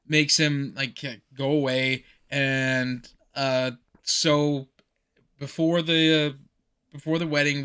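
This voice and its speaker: A man co-hosting a podcast, recapping a movie in animated, rambling casual chat with frequent laughs. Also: mid-range voice, clean tone. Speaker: podcast co-host.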